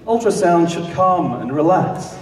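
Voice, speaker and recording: A man's voice: high-pitched, expressive, measured pace, a little hiss or hum. A man narrating a comic story in rhythmic rhyming verse, heard from a distance in an echoey hall. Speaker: comic performer.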